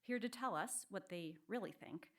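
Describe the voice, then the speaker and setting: A woman reading a prepared introduction of a guest speaker before an audience, measured and formal. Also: mid-range voice, expressive. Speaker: event introducer. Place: lecture hall before a live audience.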